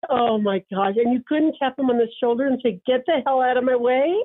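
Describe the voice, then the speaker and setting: A woman's voice: high voice, brisk, breathy edge. A woman co-hosting a podcast, chatting casually and reacting with short exclamations and questions. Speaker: podcast co-host. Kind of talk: casual chat. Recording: tinny phone-like sound, dry.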